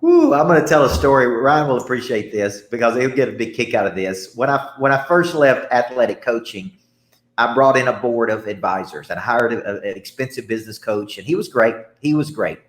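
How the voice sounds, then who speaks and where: A man's voice: medium pitch, a little fast, reverberant. A man, a business coach and guest, telling a story with emphatic energy, often repeating himself and checking in with "right?".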